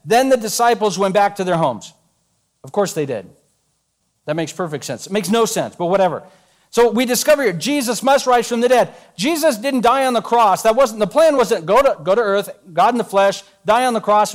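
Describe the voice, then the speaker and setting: A man with a notably high voice preaches a sermon. He keeps it conversational and joking, retelling scripture in plain everyday words the way a pastor talks to his congregation.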